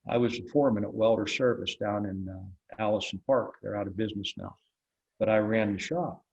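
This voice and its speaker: A man's voice: fairly low pitch, a little fast, a little mellow, lo-fi sound. An older man, an interviewed blacksmith, telling stories in a wry, folksy way, acting out the dialogue. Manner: folksy, wry storyteller who acts out dialogue. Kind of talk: relaxed storytelling in an interview.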